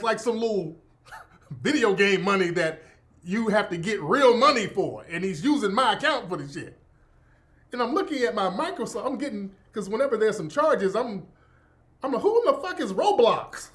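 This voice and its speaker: Profane, animated man ranting on his show. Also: high-pitched. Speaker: radio show host. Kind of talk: casual storytelling monologue.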